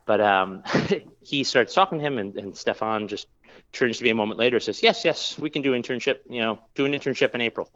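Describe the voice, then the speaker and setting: Rambling low-voiced man telling a story. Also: brisk, fairly bright tone, lo-fi sound. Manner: rambling, with many fillers and restarts. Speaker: brewer. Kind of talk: casual storytelling interview.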